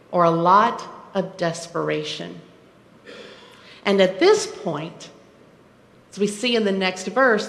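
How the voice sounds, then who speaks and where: A woman pastor delivers a sermon at an unhurried, measured pace, pausing to ask the congregation questions. Her voice rings through a church sanctuary with a long, trailing reverb. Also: medium pitch. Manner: reflective, asks rhetorical questions.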